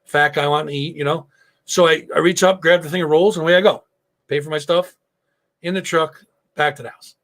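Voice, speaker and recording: Middle-aged male host, gravelly, slightly high voice, casual rambling storyteller with lots of cursing. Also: steady tone, fairly quick, fairly bright tone. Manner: loose storytelling, frequent swearing and fillers. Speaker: live show host. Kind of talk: casual live-stream chat.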